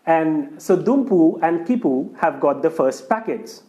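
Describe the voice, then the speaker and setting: A man with a higher-than-average voice recounts a folk tale aloud at a slightly slow pace. His telling is animated, and he speaks straight to the people listening.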